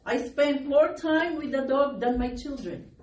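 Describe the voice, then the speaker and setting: A middle-aged woman pastor preaches a sermon in a high, darkish voice that moves a little slowly, worn from crying; she calls out for amens and laughs between phrases. The recording is muffled, made with a distant mic in an echoey room, with faint noise.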